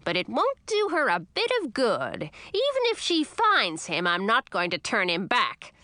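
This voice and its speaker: A woman's voice: huge pitch swings, unhurried, sharp tone, no echo, exaggerated voice. A woman voicing a cranky, bossy old witch grandmother who barks and sneers in a storybook reading. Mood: scornful. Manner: barking, scornful, shrill at times.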